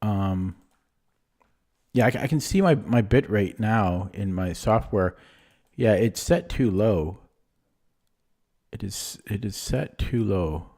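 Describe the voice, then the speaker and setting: A young man on a home stream talks his way through chess moves in a loose, rambling way, poking fun at his own mistakes. His voice sits a little low with a mellow, soft-edged tone, picked up by a desk microphone. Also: expressive, takes it slowly. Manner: rambling and self-deprecating, thinking aloud. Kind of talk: casual livestream commentary while playing.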